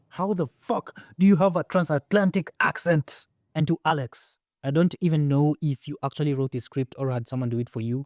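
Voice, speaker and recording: A young man tearing into a film with a blunt, mocking, exasperated delivery. His mid-pitched voice sounds close and dry, with no room echo. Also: darkish tone. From Kenya. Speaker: film reviewer. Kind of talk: ranting movie review.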